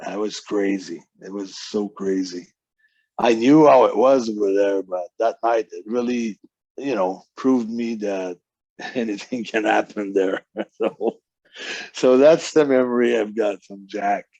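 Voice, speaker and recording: A man's voice: lowish voice, unhurried, darkish tone, no echo, muffled recording. A man, a wrestling guest telling long rambling stories in a casual interview, acting out the people he quotes. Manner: rambling anecdotes with quoted voices.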